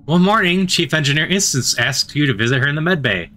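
Bright-voiced man narrating a visual novel. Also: fairly high pitch, fast talker. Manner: gentle, steady reading with offhand joking asides. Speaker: narrator and player. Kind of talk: reading a visual novel aloud with casual asides. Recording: faint music behind the voice.

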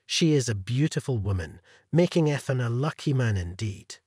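A man reading a gracious older company president in a spoken story, polite and warm, with a husky voice that moves lively in pitch. The sound is dry and close. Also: normal speed, no room sound.

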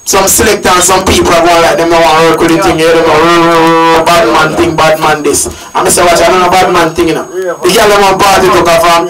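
Man, Jamaican accent, rowdy radio banter, distant mic, loud crowd behind. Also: fairly high pitch, level tone, fairly quick, few pauses. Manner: rowdy, laughing, keeps asking "you hear that". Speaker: radio studio guest. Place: busy radio studio.

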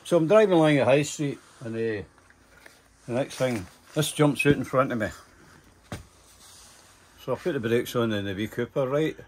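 Older Scottish man, mid-pitched, telling long anecdotes with loose swearing and lots of "eh" fillers. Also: moderate pace, long pauses, a little mellow, a little hiss or hum. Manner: rambling, profane, full of "eh" fillers. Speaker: interviewee telling stories. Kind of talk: casual storytelling.

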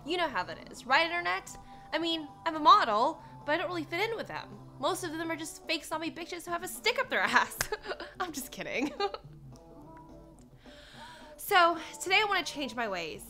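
Sarcastic woman vlogger talking to camera, high voice jumping around, music behind. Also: animated, moderate pace, sharp tone. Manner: playful, sarcastic, giggly asides. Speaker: comedy vlogger. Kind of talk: comic sketch narration to camera.

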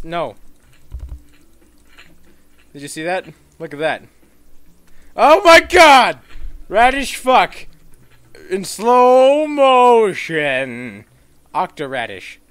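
A man's voice: a little high, no echo. Profane, ranting male game commentator. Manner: swearing, mock-outraged rants with sudden shouts. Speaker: gameplay commentator.

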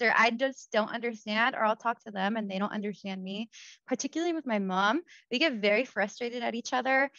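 A woman's voice: a little high, no echo. A woman therapist from the United States in a casual podcast chat, telling family stories and acting out the voices of the people in them. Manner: animated storytelling, acts out dialogue. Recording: muffled lo-fi audio.

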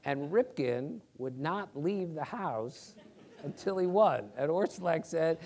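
Middle-aged male sports reporter, speaker at a theater event, animated and emphatic, slightly high voice. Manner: animated, emphatic, quick bursts of speech. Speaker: sports reporter giving a talk. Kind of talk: anecdotal storytelling presentation. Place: theater auditorium.

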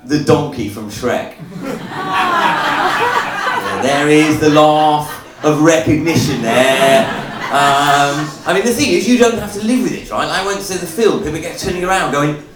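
A man's voice: a little high, very animated, a little slow, crowd noise. A man doing a live stand-up routine on a club stage, dry and hesitant, full of ums, with the audience laughing. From Wales. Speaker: stand-up comedian. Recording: echoey club, from far off.

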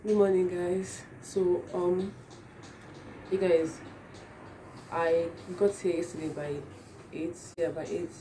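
A woman's voice: fairly low pitch, level tone, slow, pauses often, dark tone, far from the mic, slight background noise. Chatty Nigerian woman with morning voice. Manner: chatty, repeats words and restarts a lot. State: morning voice, just woke up. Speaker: vlogger. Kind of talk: casual chat to camera.

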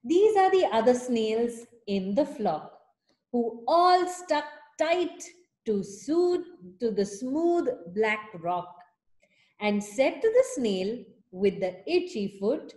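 A woman teacher reading a picture book aloud to children, pausing to explain pictures and ask questions. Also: fairly high pitch, very animated, warm tone.

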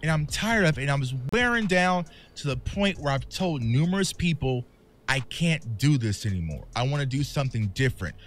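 A man's voice: mid-range voice, expressive, normal speed, faint music behind. Impassioned man talking straight to fans. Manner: impassioned, candid, calls viewers "y'all". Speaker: sports content creator. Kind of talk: emotional vlog monologue to fans.

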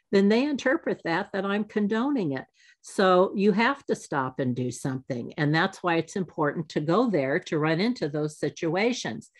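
A woman in her seventies giving a talk, telling lively anecdotes and acting out the exchanges she quotes. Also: fairly low pitch. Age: 70s. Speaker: alumni speaker. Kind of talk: storytelling talk.

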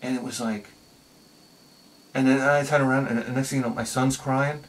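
A man telling a personal story on his video channel, excitable, swinging between loud bursts and quiet asides. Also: mid-range voice, moderate pace, recorded from a distance, slight background noise. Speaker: video host.

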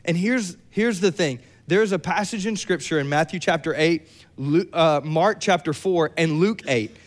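A young adult man preaching a sermon, lively and joking with playful asides. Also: on the high side, normal speed. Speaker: pastor.

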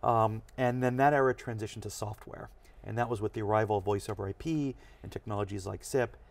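A man's voice: lowish voice, gravelly. A man, a technology executive, explaining ideas with energy in a studio interview. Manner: energetic, explanatory, fast bursts. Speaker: chief technology officer, guest.

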